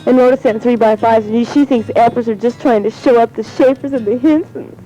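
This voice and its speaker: A rambling teenage girl talks into a home tape recorder, laughing often between her thoughts. Her voice sits a little high with a soft, warm tone. The sound is muffled and lo-fi like an old cassette, with faint guitar music behind her. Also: a little fast. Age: teens. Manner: chatty, giggly, rambling. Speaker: high school student. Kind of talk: casual spoken letter on cassette tape. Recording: dull lo-fi 1970s home cassette.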